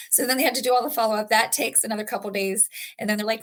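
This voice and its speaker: A woman's voice: medium pitch, fairly quick, hardly any pauses, fairly bright tone, slight background noise. Earnest woman sharing her story. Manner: earnest, emotional, with frequent fillers. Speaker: patient guest. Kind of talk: personal story in a podcast interview.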